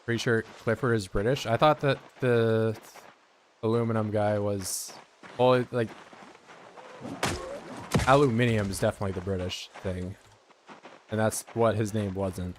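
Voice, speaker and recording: A man's voice: fairly low pitch, fairly even intonation, a little slow, long pauses, slight background noise. An American man giving casual, joking commentary to his chat while he plays a video game. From United States. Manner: chatty, joking, talking to chat while playing. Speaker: game streamer.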